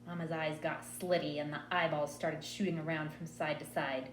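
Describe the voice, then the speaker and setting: A woman reading a novel aloud as expressive first-person narration. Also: sits low, moderate pace. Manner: expressive storytelling read. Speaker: audiobook reader. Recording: roomy with faint hum.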